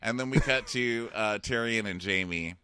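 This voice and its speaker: A man's voice: on the low side, measured pace, sharp tone, smooth, dry recording. A man co-hosting a podcast, joking wryly about a TV episode and acting out the characters' lines. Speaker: podcast co-host. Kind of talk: casual TV recap chat.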